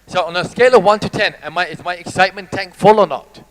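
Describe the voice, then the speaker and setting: High-voiced, animated motivational speaker man. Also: fast talker, poor audio. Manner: animated, jokey, teases the audience. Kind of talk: live motivational talk.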